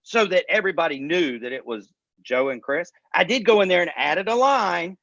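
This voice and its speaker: High-voiced man, animated co-host. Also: normal speed, no echo, muffled recording. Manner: animated storytelling, addresses viewers as y'all. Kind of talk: casual chat.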